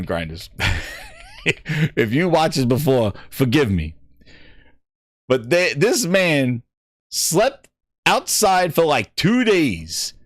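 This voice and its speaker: A man hosting a gaming reaction show, cursing and breaking into loud laughter as he talks. His voice sits high and swings widely in pitch. It has a bright, forward tone, and he often speaks at an unhurried pace. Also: no room sound, clean studio sound. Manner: laughing hard, profane, excitable. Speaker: host. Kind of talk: casual reaction commentary.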